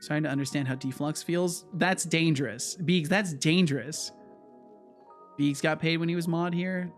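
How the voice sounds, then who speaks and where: A man's voice: on the high side, steady tone, normal speed, soft background music. A man from the United States chatting casually with his live-stream audience, rambling, repeating words and laughing often. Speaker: streamer and game developer.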